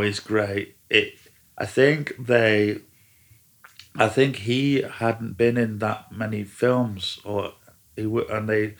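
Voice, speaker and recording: A man talking in casual chat, rambling with many restarts and fillers. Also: lowish voice. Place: lives in a German-speaking country.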